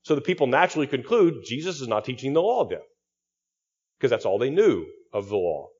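A man's voice: mid-range voice, sing-song, brisk, darkish tone, slightly rough, lo-fi sound. A male pastor giving an expository sermon, teaching through a text with frequent restarts and repeated words.

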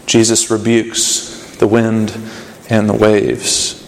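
A man's voice: lowish voice, completely flat delivery, slow, gravelly, a little hiss or hum. A man preaching a sermon, earnest and building to urgent questions, with fillers and restarts. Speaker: pastor. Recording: echoey hall reverb.

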